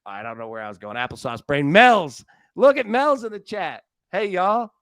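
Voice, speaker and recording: Casting: male sports betting host, animated, joking, rambling, dry close mic. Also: high-pitched, moderate pace, dry recording. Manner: rambling and joking, with frequent restarts. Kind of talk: casual live show chat. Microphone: studio mic on a live stream.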